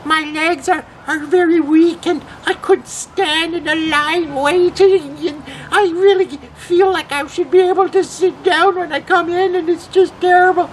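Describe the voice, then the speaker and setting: A man's voice: very high voice, fairly even intonation, a little slow, few pauses, a little hiss or hum, voice pushed up, low-quality recording. A man putting on the voice of a frail, fussy little old lady who pleads and insists on the phone. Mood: pleading.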